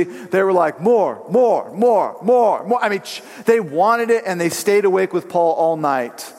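A man pastor preaching a sermon in a church, animated and joking as he tells personal stories. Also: fairly high pitch, long reverb tail. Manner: animated, joking storyteller who slips into voices.

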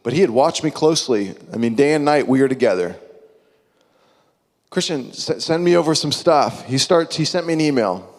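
A young adult man preaching a sermon in an animated, conversational way, acting out little quotes as he goes. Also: mid-range voice, moderate pace, in a large hall.

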